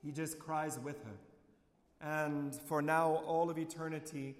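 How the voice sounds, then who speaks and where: A male priest delivers a homily in a slightly high voice. He speaks slowly and reflectively, falling quiet and low on key lines. His words echo with the long reverb of a large church hall. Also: fairly even intonation.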